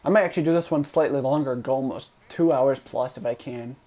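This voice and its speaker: A man's voice: medium pitch, fast. A man streaming a video game, chatting casually and trash-talking a friend with lots of swearing. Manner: profane, excitable trash-talk. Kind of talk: casual gameplay commentary.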